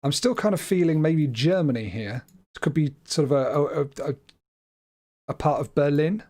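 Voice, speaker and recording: A British man chats his way through a guessing game on a livestream, teasing himself and laughing often. His voice sits a little high for a man, and his delivery is relaxed and conversational. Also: moderate pace. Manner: chatty, self-deprecating, laughs often. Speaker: streamer. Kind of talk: casual livestream game commentary.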